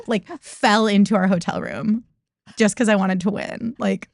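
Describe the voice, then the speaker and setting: A woman's voice: mid-range voice, normal speed, vocal fry, dry recording. Young woman from chicago telling a wild story, swears a lot, acts out the lines, dry close sound. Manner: animated, swears freely, acts out quotes. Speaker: guest comedian. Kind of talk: casual storytelling.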